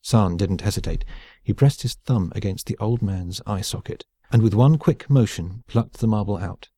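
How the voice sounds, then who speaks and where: A man reading an audiobook in a measured, even storytelling voice on a close mic. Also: fairly low pitch, slightly rough, no echo. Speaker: audiobook narrator. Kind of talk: scripted narration.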